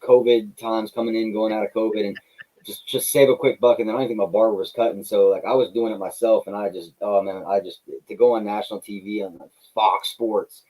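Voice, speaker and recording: A fast-talking man from Texas chatting as a wrestling guest. His voice sits low, with a dark, husky edge. He tells animated stories, acts out both sides of conversations, and keeps tossing in "man" and "brother". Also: poor audio. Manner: animated storyteller, acts out dialogue, says "man" and "brother" a lot. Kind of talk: casual interview chat.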